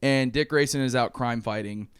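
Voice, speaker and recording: A young man chatting on a podcast, bouncing through a movie plot and voicing every character's lines as he goes. His voice is smooth and clear, recorded close and dry. He laughs often and swears freely. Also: mid-range voice, normal speed, fairly bright tone, no room sound. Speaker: podcast co-host. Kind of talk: casual chat, retelling a movie plot.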